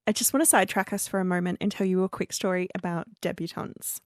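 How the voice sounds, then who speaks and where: A young woman co-hosting a podcast, telling stories in a chatty, animated way with lots of "like". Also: lowish voice, quick pace, no echo, clean studio sound. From Australia. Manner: chatty, animated storyteller with fillers like "like". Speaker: podcast co-host. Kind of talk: casual chat.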